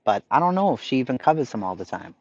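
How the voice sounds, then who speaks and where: Quick and very animated, this livestream host has a mid-range, darkish voice and a Boston accent as he reads chat in a blunt, profane casual rant. The recording is dry and slightly dull, with a lo-fi quality.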